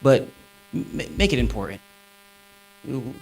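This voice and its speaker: This man preaches on scripture to an audience from a stage, moving at a moderate pace and pausing often, captured in poor audio. He sounds lively, his pitch swings, and he leans into a preacherly emphasis.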